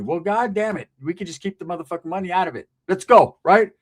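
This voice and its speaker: A man's voice: high voice, lively intonation, fast talker. A middle-aged man telling a street story in casual, profane slang, keeps checking in with "right?".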